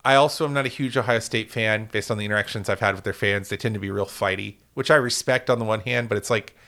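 A man's voice: lowish voice, fast talker, pushed and bright. Rambling joking man, podcast co-host. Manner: rambling, joking, lots of fillers and restarts. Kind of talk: casual sports podcast chat.

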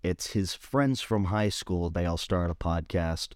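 A man with a Rhode Island accent chats on a podcast in a lowish voice. He tells stories with a lot of animation and leaps up in pitch when he quotes others. The sound is dry and close to the mic. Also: measured pace, no room sound. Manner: animated storyteller, jumps high when quoting others. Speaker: podcast co-host. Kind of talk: casual chat.

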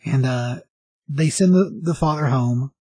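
Husky-voiced man rambling through a comic recap. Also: mid-range voice, measured pace, darkish tone, no echo, poor audio. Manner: rambling, lots of fillers and restarts. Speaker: comic book reviewer.

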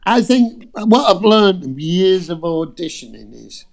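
A man, an actor telling an audition story in a casual, animated way, acting out the quotes and swearing freely. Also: high-pitched, a little slow, gravelly, crowd noise. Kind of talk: casual anecdote on a podcast.

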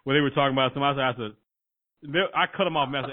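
A man's voice: medium pitch, steady tone, very fast, dry recording. A man chatting as a host, telling stories bluntly and laughing often. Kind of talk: casual profane chat. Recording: tinny phone-like dry sound.

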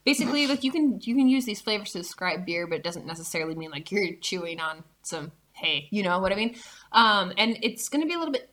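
A woman's voice: mid-range voice, lively intonation, fast, a bit bright. A woman co-hosting a casual beer podcast, eagerly explaining beer styles with lots of fillers. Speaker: podcast co-host. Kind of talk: casual chat beer tasting.

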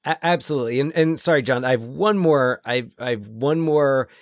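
A man talking films in a relaxed podcast chat, trailing into restarts and little fillers as he thinks out loud. His voice sits in a mid range, recorded close and dry with no room sound. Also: mid-range voice, moderate pace, no room sound. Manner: hesitant, many restarts and fillers. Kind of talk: casual film discussion.

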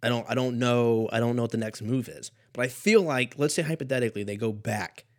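A man's voice: mid-range voice, fairly quick. A man in his thirties, a little stoned, hosting a show in a meandering, profane comedic monologue that drifts from topic to topic. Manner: profane, meandering, laughs at own jokes. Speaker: podcast host.

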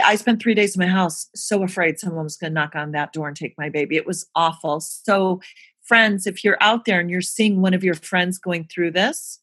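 An actress being interviewed, telling a personal story candidly and earnestly, with emotion. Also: female voice, mid-range voice, fairly bright tone. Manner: earnest, emotional, acts out quoted voices. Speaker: guest, actress.

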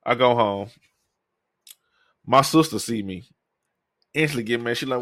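A man hosts a podcast and tells a long personal story in a loose, profane style. He acts out what the other people in the story said. His voice sits at an ordinary middle pitch, and the recording is close and dry with no room sound. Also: moderate pace, pauses often, a bit bright, dry recording. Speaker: podcast host. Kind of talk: casual storytelling.

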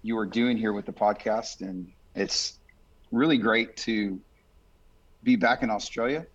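A man's voice: on the low side, a little slow, distant mic, highs cut off. A man, a guest pastor, speaking emphatically in a podcast conversation over a remote link, repeating phrases the way a preacher does. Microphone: remote call mic.

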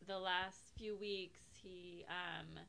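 A woman's voice: fairly low pitch, steady tone, very slow, vocal fry, sharp tone, slight background noise. A mother talking casually with friends, hesitant and full of fillers. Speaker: mother in group chat. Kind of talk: casual chat.

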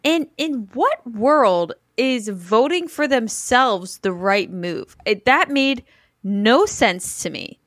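A woman's voice: a little high, expressive, takes it slowly, a bit bright, dry recording, studio quality. Blunt, swearing woman podcaster. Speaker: podcast co-host. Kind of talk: casual reality TV recap chat.

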